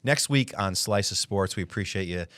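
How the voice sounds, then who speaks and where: A man's voice: fairly low pitch, moderate pace, fairly bright tone, no echo. A man co-hosting a sports talk show, chatting easily and rambling with fillers and restarts. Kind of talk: casual sports chat.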